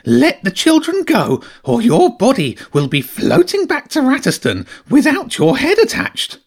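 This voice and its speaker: A man's voice: extremely high pitch, huge pitch swings, measured pace, breathy edge, voice pushed up, heavily acted. A man reading an audiobook voices a stern, suspicious male hedgehog warrior with a fierce, commanding manner. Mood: threatening. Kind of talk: audiobook character voice.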